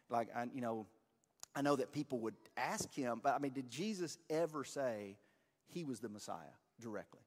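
A man's voice: mid-range voice, a little mellow, long reverb tail. A man preaching a sermon as a pastor, in a conversational, earnest way with many fillers and restarts.

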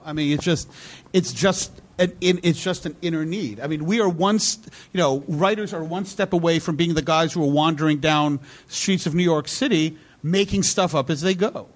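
A man on a live panel in front of an audience, casually telling stories about writing and acting out the voices he quotes. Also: a little high. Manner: storytelling, acts out quoted voices. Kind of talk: casual stage conversation.

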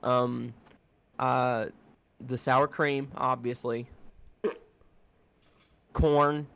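A young man co-hosting a casual chat, relaxed and unhurried, hesitating with ums and calling his friend bro. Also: mid-range voice, creaky. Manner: laid-back, says bro, hesitant with um and uh.

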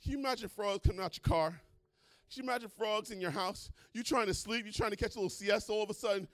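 Brief: high, bright male pastor, excitable, hushed to shouting, dry close sound. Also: fast talker, no echo. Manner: excitable, swings from hushed to shouting, retells stories in voices. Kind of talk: sermon.

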